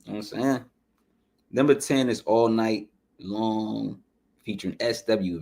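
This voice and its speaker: A man hosting a podcast, chatting loosely through an album review with shout-outs and asides, his nose running. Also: lowish voice, unhurried, gravelly, long pauses, slightly rough. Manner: loose and chatty, full of shout-outs and asides, often saying "you know what I'm saying". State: runny nose. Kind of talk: casual music review chat.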